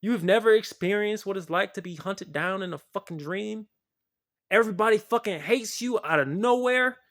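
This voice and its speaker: Facing the camera at a moderate pace, a spiritual creator unleashes a passionate rant full of profanity, alternating between soft muttering and shouting.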